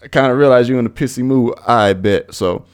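A young man hosting a podcast, telling stories casually in an animated, profane, slangy way. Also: medium pitch, a little fast, clean tone. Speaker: podcast host. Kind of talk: casual storytelling monologue.

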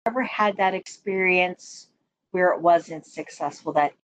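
A woman hosting an interview, asking reflective questions and affirming her guest's points in an encouraging, measured way. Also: lowish voice, slight background noise, low-quality recording. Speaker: podcast host and interviewer. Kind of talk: interview questions and follow-up comments.

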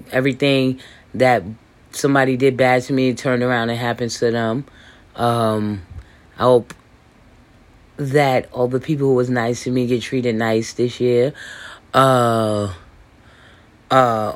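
A man hosting a podcast, talking in a loose, boastful monologue full of fillers, restarts and swearing, with hiccups and throat clearing. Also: medium pitch. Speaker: podcast host. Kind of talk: rambling casual monologue. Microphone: voice message recording.

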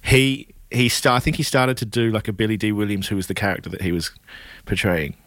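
A man's voice: lowish voice, fairly quick, fairly bright tone, dry recording. A man co-hosting a podcast in casual chat, rambling through stories with lots of swearing and restarts. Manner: rambling, profane, trails off into tangents. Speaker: podcast co-host.

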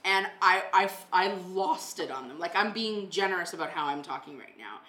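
Woman, middle-aged, casual storytelling, animated, swears a lot, bright tone, echoey room. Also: on the low side, a little fast. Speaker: renovation company owner.

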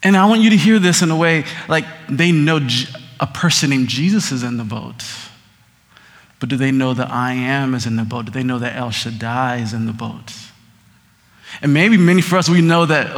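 A man preaching a sermon, moving between hushed scripture reading and excited, laughing storytelling. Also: mid-range voice, moderate pace, long reverb tail. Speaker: pastor.

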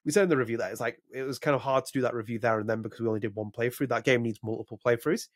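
A man's voice: medium pitch, steady tone, rapid-fire, dry recording, clean studio sound. A man co-hosting a podcast in casual chat, rambling and opinionated, with frequent restarts. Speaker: podcast co-host.

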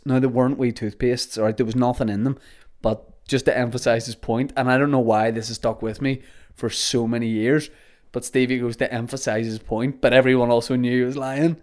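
A man's voice: medium pitch, little pitch movement, fairly quick, darkish tone. Male podcast host, casual and jokey, loose rambling storyteller. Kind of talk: casual solo podcast chat.

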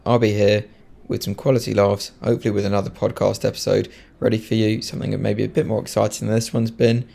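A man's voice: lowish voice, little pitch movement, fast, creaky, warm tone. A man hosting a casual podcast, jokey and self-mocking as he introduces clips. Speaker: podcast host.

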